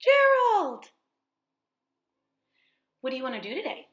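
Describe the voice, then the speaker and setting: A woman puts on a peppy little cartoon pig girl, bright and caring. Her high voice bounces around with lively energy. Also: moderate pace, lo-fi sound. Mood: eager.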